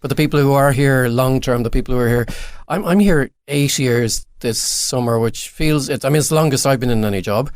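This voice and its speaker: Man, radio staff, quick jokey asides, podcast chat, dry close mic. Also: medium pitch, no room sound. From Ireland. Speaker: radio station staff member. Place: radio studio.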